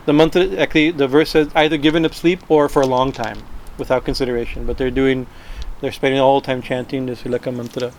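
A man's voice: mid-range voice, little pitch movement, fast, a little hiss or hum, low-quality recording. A man teaching a spiritual class, talking loosely with many restarts and tag questions. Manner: rambling, frequent "right?" tags and restarts. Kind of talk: scripture class talk.

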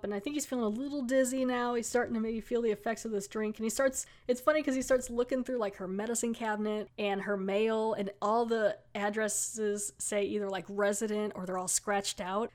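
A woman's voice: mid-range voice, a little mellow. A woman podcast host casually recapping a TV episode, chatty, with many fillers and laughs. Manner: chatty, lots of "like", laughs often.

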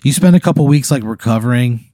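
A man's voice: mid-range voice, fast, mellow, no room sound, clean studio sound. A man co-hosting a comedy podcast, spinning an improvised hypothetical in a rambling way with lots of fillers. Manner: rambling storyteller, many "like" fillers. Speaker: podcast co-host posing a hypothetical.

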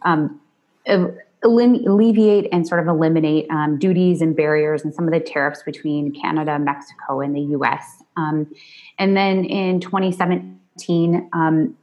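A woman guest on a podcast, an attorney, with a notably deep voice for a woman. She answers in a measured, deliberate way, filling her pauses with frequent "um"s. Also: steady tone, a little mellow, lo-fi sound. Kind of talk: interview answers.

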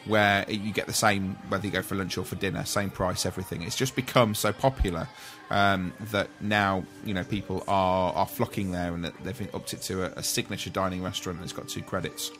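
A man hosts a relaxed chat, his voice bright and forward, pitched a little low. He reads through lists of dishes in a chatty way and laughs easily. Faint music sits behind him. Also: brisk. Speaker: podcast host. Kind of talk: casual chat.

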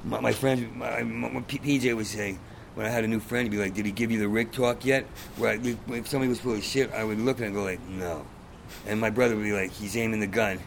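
A man's voice: on the low side, fairly even intonation, quick pace, gravelly, slight background noise. A man, a comedian, talking in casual conversation with a stutter, blunt and profane and rambling. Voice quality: stutter, repeats sounds. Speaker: stand-up comedian, guest.

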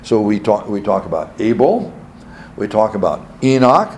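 Low-voiced man teaching a Bible class. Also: big pitch swings, moderate pace, darkish tone, slight background noise. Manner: reads scripture aloud, repeats key phrases, checks in with "okay?".

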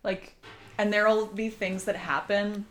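A woman's voice: medium pitch, steady tone, unhurried, a little hiss or hum. A young woman co-hosting a podcast, talking candidly in casual chat with lots of fillers and easy laughs. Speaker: podcast co-host.

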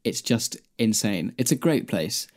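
A man's voice: fairly low pitch, unhurried. A man, a podcast co-host, reading a fan fiction aloud. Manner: deadpan reading, breaking into laughter.

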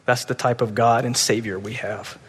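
A man preaching a sermon with passion, swinging between urgent, loud pleading and soft, hushed moments. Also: medium pitch, fairly even intonation, normal speed, breathy edge, long reverb tail. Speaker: pastor.

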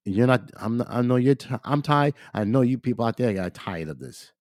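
Alone on his podcast, a man rants casually in a repetitive, forceful way, filling gaps with frequent fillers. His voice is medium in pitch, expressive, a bit fast, and darkish, captured with clean studio sound and no room tone.

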